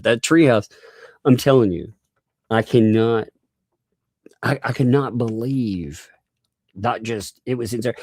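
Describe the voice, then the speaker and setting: Chuckling gravel-voiced man. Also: lowish voice, a little mellow, dry recording, clean studio sound. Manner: chuckles often, rambling asides. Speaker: livestream host reading viewer donations. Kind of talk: casual live-stream chat.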